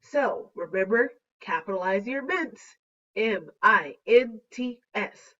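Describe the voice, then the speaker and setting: A woman teaching a third grade lesson on a slideshow, speaking slowly and deliberately with a playful teacher manner. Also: medium pitch, expressive, fairly bright tone. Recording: dull, distant lo-fi recording.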